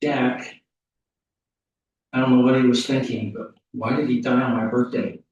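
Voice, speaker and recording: A man giving a rambling, folksy eulogy at a funeral service, full of halting restarts. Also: mid-range voice, steady tone, darkish tone, lo-fi sound, slight background noise. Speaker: funeral speaker. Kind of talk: eulogy storytelling. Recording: echoey hall, mic off at a distance.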